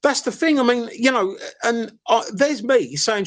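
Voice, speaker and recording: East London bloke, high voice, insistent lecturing tone, heated online argument. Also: male voice, a little slow, hardly any pauses, fairly bright tone. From England. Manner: lecturing, insistent, calls listener mate and fella. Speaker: live stream participant.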